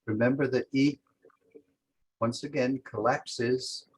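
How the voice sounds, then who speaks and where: Guy teaching a language class on a video call, talks real slow, goes thru examples step by step. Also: mid-range voice, steady tone, darkish tone, breathy edge, low-quality recording. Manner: methodical, explains example sentences step by step. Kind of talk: online language lesson.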